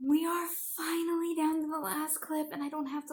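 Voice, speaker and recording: A woman's voice: high voice, little pitch movement, a little fast, soft background music. A young woman giving a sarcastic, ranting reaction commentary as a vlogger.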